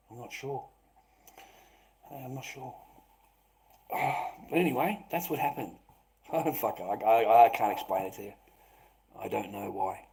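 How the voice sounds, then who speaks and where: Caught on a rough recording, this fairly low, gravelly, darkish voice belongs to a middle-aged man from Australia. He rambles on his livestream, cursing frequently, going over the same ground and stumbling into restarted sentences.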